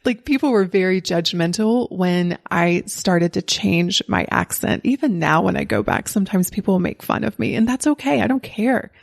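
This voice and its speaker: A woman's voice: medium pitch, expressive, normal speed, creaky, few pauses. Candid encouraging woman podcast host. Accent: neutral American, faint Southern. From Southern United States. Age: 40s. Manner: candid and encouraging, laughs often. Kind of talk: solo podcast monologue.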